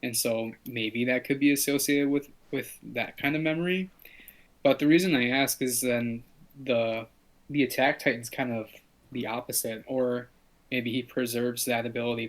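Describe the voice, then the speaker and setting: A man co-hosting a casual podcast, musing out loud in a hesitant way, full of filler words. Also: mid-range voice, fairly even intonation, normal speed. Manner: hesitant, speculative, with many fillers. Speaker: podcast co-host. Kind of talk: casual chat among friends.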